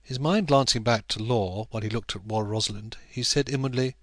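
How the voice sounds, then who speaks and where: A man with a mid-range voice narrates a classic novel in audiobook fashion, his tone even and measured. No room sound can be heard.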